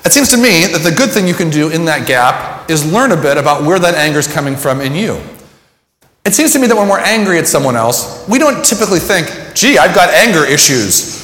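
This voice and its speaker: A man's voice: a little high, big pitch swings, fairly quick, fairly bright tone. Man preaching in an echoey hall. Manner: conversational, self-deprecating, acts out dialogue. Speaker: pastor. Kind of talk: sermon. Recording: echoey hall with long reverb.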